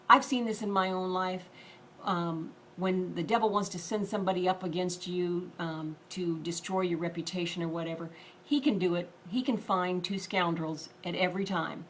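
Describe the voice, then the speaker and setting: Middle-aged woman preacher, slightly low pitch, emphatic and earnest, faint room hum behind. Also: a bit bright. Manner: earnest and emphatic, reads scripture quickly. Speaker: deliverance minister. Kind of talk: sermon-style video message.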